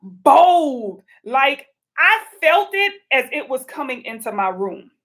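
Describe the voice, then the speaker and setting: A middle-aged woman giving spiritual advice in a chatty, animated livestream talk, calling her viewers y'all. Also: sits high, slow pace. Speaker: spiritual vlogger.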